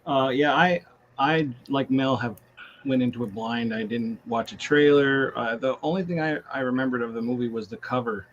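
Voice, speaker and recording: A man on a podcast, talking in a halting, casual way with fillers. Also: mid-range voice, muffled recording, a little hiss or hum. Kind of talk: casual chat.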